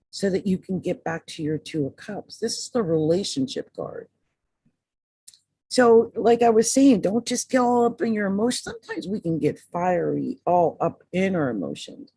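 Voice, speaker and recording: A woman's voice: medium pitch, expressive, moderate pace, warm tone, slightly rough, no echo. A woman giving a casual tarot reading, chatty and emphatic, often repeating the sign's name, her voice dry. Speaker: tarot reader and astrologer.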